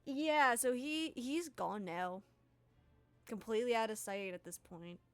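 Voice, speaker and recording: Slow-talking young woman game master. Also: a little high, a bit bright, no echo. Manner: laughing, loose, swearing casually. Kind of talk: running a tabletop game.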